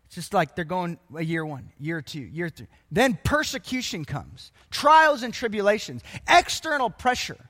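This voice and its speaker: A man preaching a sermon, emphatic and animated, quoting scripture. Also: sits high, normal speed, hardly any pauses, long reverb tail. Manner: animated and emphatic, acts out voices of people.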